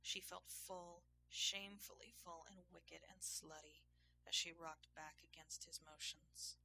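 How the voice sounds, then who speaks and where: A woman reading an erotic story aloud in a measured, intimate way. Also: lowish voice, steady tone, gravelly, sharp tone, a little hiss or hum, low-quality recording. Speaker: narrator. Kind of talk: erotic audiobook narration.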